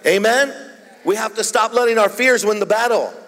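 A man's voice: sits high, normal speed, fairly bright tone. A man preaching a sermon as a pastor, repeatedly calling out "Amen?" to the congregation. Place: church hall. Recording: long hall reverb.

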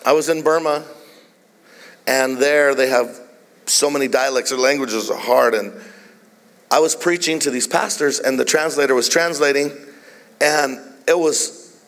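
Joking preacher in a reverberant hall. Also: male voice, fairly high pitch, a bit bright. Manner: playful, jokey storytelling preacher. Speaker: pastor. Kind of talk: sermon. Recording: long reverb of a large hall.

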